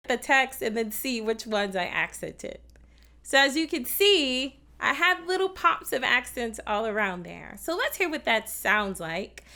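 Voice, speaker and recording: On a children's TV program, a woman with a fairly high, sharp-toned voice teaches kids about opera. She stays patient and encouraging with the young viewers watching at home during this music lesson.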